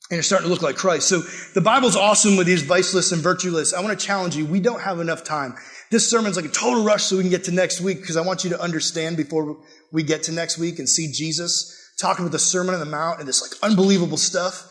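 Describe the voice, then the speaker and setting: Young male youth pastor, casual and animated sermon, fairly high voice. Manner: casual, animated youth preaching with acted-out quotes.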